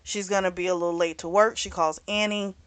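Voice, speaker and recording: A woman hosting a book club channel, casually retelling a novel's plot in a chatty, animated way with frequent "you know"s. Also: on the low side, a little fast, clean tone.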